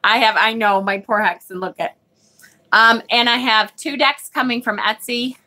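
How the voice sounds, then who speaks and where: A woman's voice: a little high, fairly quick, sharp tone. A woman hosting a live tarot stream, chatting casually and reading viewers' comments, often sidetracked and swearing casually when annoyed. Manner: chatty, scattered, frequently sidetracked. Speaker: tarot livestream host.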